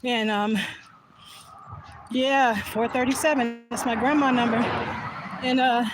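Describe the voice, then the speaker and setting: A woman with a fairly high voice tells an emotional story as she walks outdoors, speaking casually into her phone. She laughs often and sometimes drops to a soft whisper. Clear outdoor noise and passing traffic sit behind her voice. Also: steady tone, slow. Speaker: vlogger. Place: outdoors, walking back from voting.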